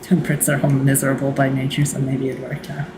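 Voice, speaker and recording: A woman's voice: a bass voice, monotone, fairly quick, over music, poor audio. A woman in casual banter while streaming, sarcastic and teasing, swearing freely.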